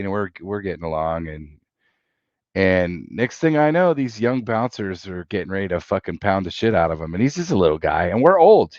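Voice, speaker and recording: Low-voiced, profane middle-aged storyteller. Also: male voice, no echo, highs cut off. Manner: rambling, profane, animated storyteller. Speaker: podcast host. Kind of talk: casual chat, storytelling.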